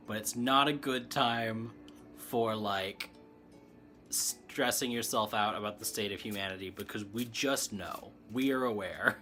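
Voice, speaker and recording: Bright-voiced, rambling male tarot streamer. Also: lowish voice, a little slow, faint music behind. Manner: rambling, laughs often, answers chat comments. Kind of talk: casual spiritual chat, reading tarot cards.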